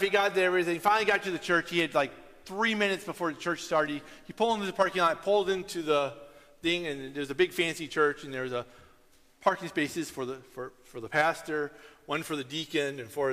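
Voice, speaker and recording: Animated preaching man, bright, echoing hall. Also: fairly high pitch. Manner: storytelling, animated with sudden loud outbursts. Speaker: pastor. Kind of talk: sermon. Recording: long hall reverb.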